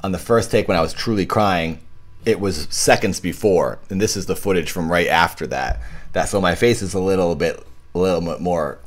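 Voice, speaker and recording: Deep-voiced man rambling through live commentary. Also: normal speed. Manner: rambling, animated, thanks donors warmly. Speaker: filmmaker hosting a live viewing commentary. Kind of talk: casual live-stream commentary.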